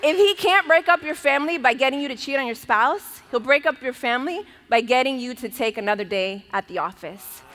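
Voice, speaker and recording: A woman's voice: high voice, lively intonation, a little fast, hardly any pauses, a bit bright, some chatter behind, a little hiss or hum. A woman pastor preaching a sermon in a church, talking in a conversational and emphatic way and laughing now and then. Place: church auditorium. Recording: long reverb of a large church hall.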